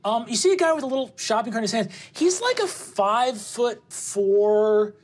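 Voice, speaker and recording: A woman narrating as game master of a tabletop game, lively and full of fillers. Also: on the high side, moderate pace, slight background noise.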